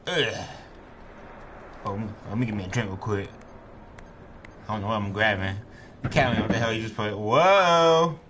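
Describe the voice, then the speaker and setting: Loud game music backs a man whose voice sits on the low side as he plays through a let's-play, speaking at a normal pace with long pauses. He jokes casually, swears freely, and talks to the screen, with slight background noise present.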